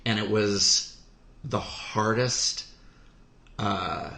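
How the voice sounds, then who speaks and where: A man telling a personal story on a podcast, speaking in a halting, heartfelt way with many pauses. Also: fairly low pitch, gravelly, sharp tone. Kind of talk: podcast conversation. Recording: roomy echo.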